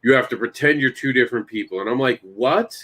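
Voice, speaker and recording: A man at an ordinary middle pitch, talking in a loose, chatty way. He hosts the show and tells long stories with lively energy. He keeps turning to his co-hosts and asking them questions. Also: quick pace. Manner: animated storyteller, talks to co-hosts by name. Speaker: podcast host and comic creator. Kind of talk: casual chat.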